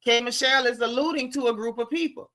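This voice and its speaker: This gossip show host talks fast in a high, slightly bright voice with a Southern American accent. She's sassy and blunt, keeping the casual show aimed squarely at her viewers.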